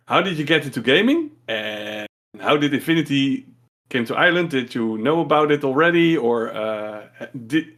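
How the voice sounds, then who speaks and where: A male podcast host in casual chat, hesitant and full of "uh" and restarts. He laughs easily and speaks at an ordinary middle pitch. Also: fairly bright tone.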